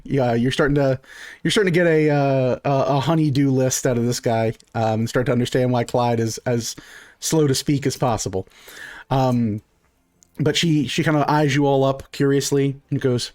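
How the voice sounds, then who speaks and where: A man's voice: mid-range voice, steady tone, moderate pace, darkish tone. A man narrating a tabletop role-playing game as game master, in a casual, rambling way.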